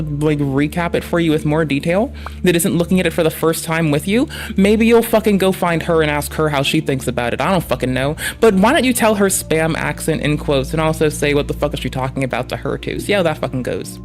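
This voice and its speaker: A streamer doing reaction commentary on a livestream, talking in a heated, sarcastic way with lots of swearing and sounding annoyed. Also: mid-range voice. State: annoyed and frustrated.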